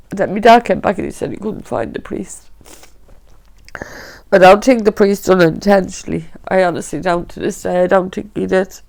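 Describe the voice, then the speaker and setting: A woman's voice: medium pitch, fairly even intonation, moderate pace, gravelly, a little mellow. A middle-aged woman with a Dublin accent, giving a personal testimony in an interview and telling her story vividly, acting out the voices of others. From Dublin, Ireland. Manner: vivid storytelling, reenacting voices, frequent "right?". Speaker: interviewee, fire survivor.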